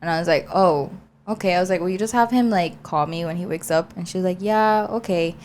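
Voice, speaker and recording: A young woman co-hosting a podcast, telling a story in a chatty, animated way with lots of fillers. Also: on the low side, brisk, slight background noise. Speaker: podcast co-host. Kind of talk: casual storytelling chat.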